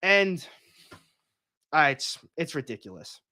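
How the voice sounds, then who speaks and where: A man's voice: on the high side, sing-song, takes it slowly, bright, forceful tone. A young man hosting a casual comics livestream, talking in a rambling, opinionated way with frequent restarts.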